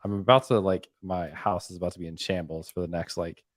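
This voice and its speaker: A man's voice: low voice, steady tone, fairly quick, no room sound, clean studio sound. A man hosting a live stream, chatting casually and rambling with frequent "um"s and "like"s. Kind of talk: casual chat.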